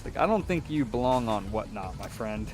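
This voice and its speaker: A young man chatting casually as he fixes a controller, rambling through a story, swearing and mimicking people in a higher voice. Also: animated, normal speed, over music. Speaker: repair shop vlogger. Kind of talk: casual chat while repairing a controller.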